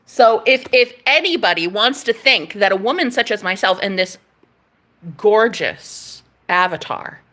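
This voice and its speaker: A woman's voice: medium pitch, expressive, a little slow, fairly bright tone. A woman vlogger delivering a sassy, profane rant straight to camera, mocking her critics and laughing often. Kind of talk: ranting monologue to camera.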